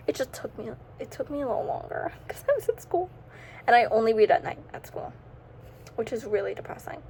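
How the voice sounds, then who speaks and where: A woman's voice: a little high, slight background noise, rough recording. A teenage girl chatting casually about her monthly reads in a vlog, giggly and scattered, breaking off mid-sentence. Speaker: book vlogger. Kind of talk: casual reading recap vlog.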